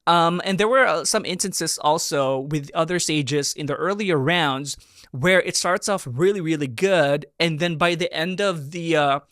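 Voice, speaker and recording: A man in his thirties hosting a reaction video, giving casual and animated commentary with excited exclamations. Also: a little high, measured pace, no room sound, studio quality. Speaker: reaction video host, performer.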